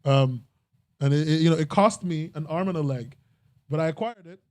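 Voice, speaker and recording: A man's voice: fairly high pitch, moderate pace, a little mellow, no room sound. A young man hosting a casual podcast chat, rambling and breaking off mid-sentence, often laughing at himself. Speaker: podcast host.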